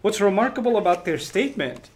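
A man's voice: high voice, sing-song, fast talker. A man teaching a class on scripture in an emphatic, explanatory way, often checking in with rhetorical questions. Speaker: religious teacher.

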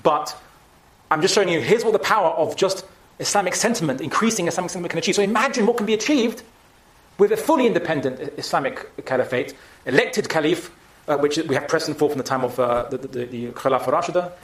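A man's voice: a little high, animated, fast, echoey room. A man giving a public talk and taking audience questions, speaking emphatically with frequent restarts.

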